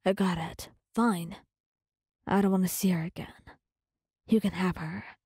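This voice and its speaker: A woman's voice: mid-range voice, steady tone, slow, warm tone, breathy edge, no room sound, clean studio sound. A woman voicing a possessive male ex-boyfriend in a whispered role-play, curt and cold. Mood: sullen.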